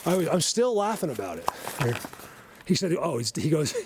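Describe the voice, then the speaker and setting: A man vlogging casually while walking through a snowy forest, rambling and excitable, often laughing and dropping to a hushed voice. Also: fairly high pitch, normal speed, background noise. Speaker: vlogger, Bigfoot researcher. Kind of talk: casual hiking vlog.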